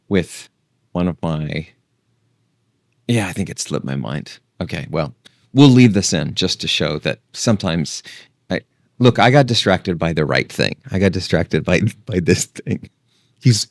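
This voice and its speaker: Deep-voiced man musing aloud. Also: no echo, clean studio sound. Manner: meandering, thinks aloud, loses his thread. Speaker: host. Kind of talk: casual long-form monologue.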